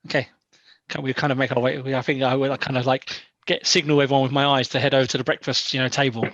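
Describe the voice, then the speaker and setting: A man's voice: mid-range voice, flat delivery, fast, a bit bright, no echo, dull audio. A man playing a tabletop game, moving between polite in-character speech and casual chat. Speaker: player.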